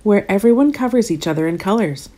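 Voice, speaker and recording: A gentle, coaxing male owl from a bedtime storybook, as a woman reading aloud puts him on. The voice is warm and mellow, with a tone that lifts and falls freely. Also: medium pitch, animated, a little fast, close to an everyday voice. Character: kind, patient magical bedtime owl, male.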